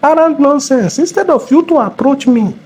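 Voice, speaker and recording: A man's voice: extremely high pitch, animated, moderate pace, a little mellow. A man with a Nigerian accent playing a bossy, mocking middle-aged police officer in a comedy skit. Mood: scolding. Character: bullying middle-aged male traffic cop.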